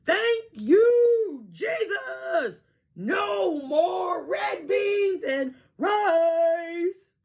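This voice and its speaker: A whiny, excitable young boy from a storybook, his voice climbing high as he wails and cries out over his empty stomach, as a woman reads him aloud. He swings between groans and shouts, and the unhurried delivery keeps every word drawn out. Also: exaggerated voice. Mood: jubilant. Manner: wailing, shouting, breaking into cries.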